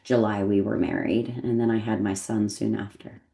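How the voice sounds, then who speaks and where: A woman's voice: rumbling low, normal speed, gravelly. A middle-aged American woman, a podcast guest, telling a personal story in casual conversation and acting out the dialogue. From United States. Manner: animated storyteller, acts out quoted dialogue.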